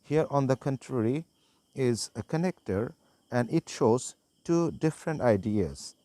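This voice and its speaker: A man teaching an English grammar lesson, reading out connectors and example sentences in a slow, deliberate way. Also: medium pitch, animated, warm tone, no room sound.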